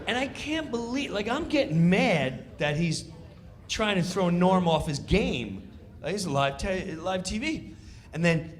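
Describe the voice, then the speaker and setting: Male stand-up storyteller; animated, bright, lively pitch. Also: a little slow. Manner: animated, conversational, builds to punchlines. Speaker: comedian.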